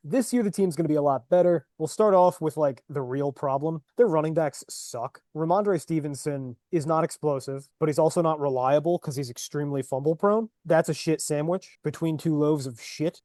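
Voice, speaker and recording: A man's voice: on the high side, a little mellow, no echo, studio quality. A man co-hosting a sports betting podcast, talking casually in a blunt, profane, ranting way. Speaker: podcast co-host.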